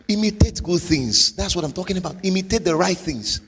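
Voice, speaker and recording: A man with a Nigerian accent, a pastor giving a motivational sermon with forceful, repetitive exhortation. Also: high voice, expressive, fairly quick, hardly any pauses, slightly rough. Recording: long hall reverb.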